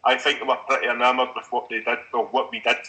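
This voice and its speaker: A man's voice: medium pitch, level tone, fast talker, pushed and bright, low-quality recording. A man in a casual podcast chat, telling stories and reading out quotes at length.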